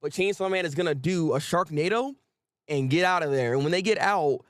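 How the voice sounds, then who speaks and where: A man streaming a live manga reaction, joking and animated, tripping over repeated words when excited. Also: a little high, brisk, dry recording.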